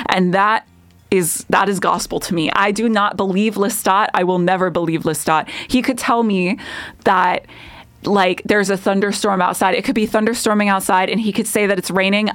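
A woman's voice: medium pitch, dry recording. A young woman hosting a radio show, ranting in a casual, emphatic and sarcastic way, often repeating herself for effect and breaking into laughs.

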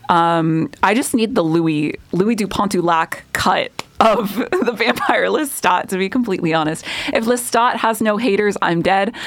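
A woman's voice: fairly low pitch, dry recording. A young woman hosting a radio show, ranting in a casual, emphatic and sarcastic way, often repeating herself for effect and breaking into laughs.

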